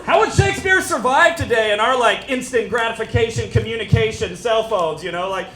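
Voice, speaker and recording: High-voiced, animated male stand-up comic. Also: a little fast, few pauses. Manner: animated, self-mocking, teasing the audience. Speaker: stand-up comedian. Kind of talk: live stand-up set. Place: stage at a fundraiser event. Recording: echoey room with crowd noise. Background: audience laughter.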